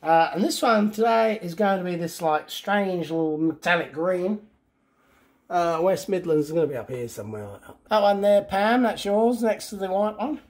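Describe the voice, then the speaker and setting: A man, hosting his own channel and chatting warmly and casually to his viewers while he works. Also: high voice, lively intonation, moderate pace. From England. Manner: chatty, upbeat, talks to viewers while working. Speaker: channel host. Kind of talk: casual vlog chat.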